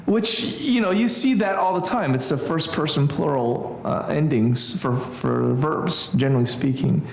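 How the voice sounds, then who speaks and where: A man teaching a relaxed church Greek class, thinking aloud with many fillers and restarts. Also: a little high, a little slow, gravelly, roomy sound, slight background noise. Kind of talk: informal church class lesson.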